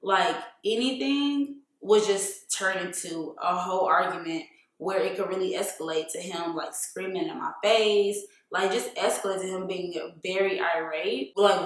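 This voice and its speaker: A woman's voice: on the low side, a bit bright. A woman telling a personal story in a candid vlog, frank and profane, with lots of "like" fillers. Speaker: vlogger. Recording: very echoey room.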